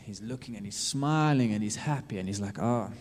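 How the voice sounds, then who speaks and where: A man preaching a sermon, earnestly urging his listeners with lots of repetition, swinging from loud to hushed. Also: on the low side, a little fast, a little hiss or hum. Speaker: youth preacher. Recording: long reverb of a hall.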